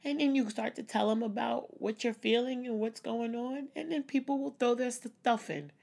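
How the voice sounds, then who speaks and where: Creaky-voiced woman in a candid vlog. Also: on the high side, normal speed, darkish tone. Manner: open and reflective, with frequent small laughs. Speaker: vlogger. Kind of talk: candid personal vlog talk.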